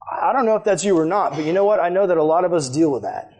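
A man's voice: high-pitched, animated, fast, a little mellow. A young adult man, a youth pastor, preaching a conversational, emphatic sermon to a youth group.

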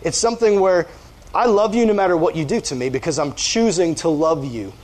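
A man giving a casual, energetic youth sermon, joking with his listeners. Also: on the high side, fairly quick. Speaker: youth pastor.

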